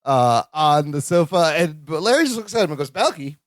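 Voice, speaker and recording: A man's voice: fairly high pitch, a little fast, no echo. A man co-hosting a podcast, joking and bantering while recapping a sitcom episode. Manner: jokey, animated banter. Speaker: podcast co-host.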